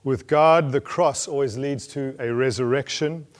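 A man's voice: medium pitch, measured pace. Earnest male preacher delivering a sermon. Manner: earnest, rising to emphatic peaks then dropping soft.

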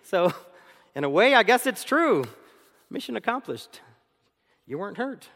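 A man's voice: high-pitched, measured pace. Male co-pastor giving a sermon, acts out little arguments, laughs a lot, echoey sanctuary sound. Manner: animated, acts out everyday arguments, laughs often.

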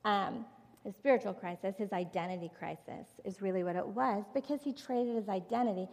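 A woman's voice: mid-range voice, a little fast, darkish tone. A middle-aged woman speaking at a conference, giving a candid, emphatic personal testimony in a sermon style, recorded in a large hall. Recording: long hall reverb.

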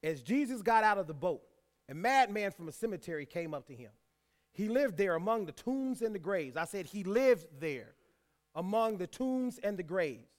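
High-voiced man preaching a sermon. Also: sing-song, normal speed. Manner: repeats key lines for emphasis, folksy asides. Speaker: pastor. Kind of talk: sermon with scripture reading.

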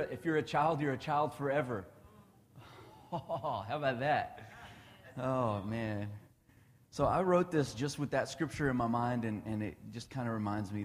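A man's voice: medium pitch, normal speed, in a large hall, slight background noise. A man in his thirties giving a casual devotional talk, chatty and laughing often.

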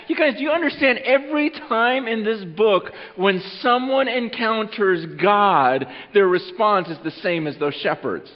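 Earnest male pastor with a high voice giving a holiday sermon, shifting from loud to hushed, recorded dull in a reverberant hall. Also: animated, measured pace, few pauses. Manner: earnest, repeats words, swings from loud urging to hushed. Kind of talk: Christmas Eve sermon. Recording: muffled sound with long hall reverb.

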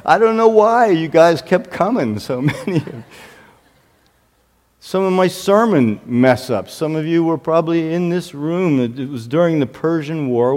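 A male pastor telling self-mocking stories in a sermon. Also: mid-range voice. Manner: self-deprecating, animated anecdotes. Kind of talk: humorous sermon storytelling. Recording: reverberant hall.

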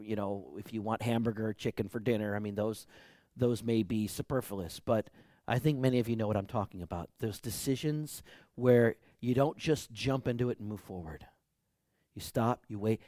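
A man's voice: mid-range voice, no room sound, studio quality. A middle-aged man preaching a conversational sermon, building to emphatic peaks with frequent fillers. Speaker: pastor.

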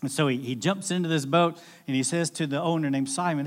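A man preaching a sermon as a pastor, telling a scripture story with lively acted-out voices. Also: on the high side, fairly quick.

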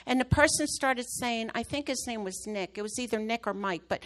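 A woman's voice: a little high, moderate pace, few pauses. A woman preaching to her church, telling a story with emphatic, rising bursts at the key moments. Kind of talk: sermon testimony.

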